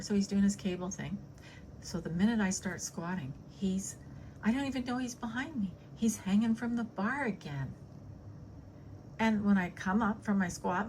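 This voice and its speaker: A woman's voice: medium pitch, slight background noise. Chatty woman telling her cat a story. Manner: chatty, retells quarrels with quoted back-and-forth. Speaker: vlogger talking to her cat. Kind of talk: casual storytelling to a pet.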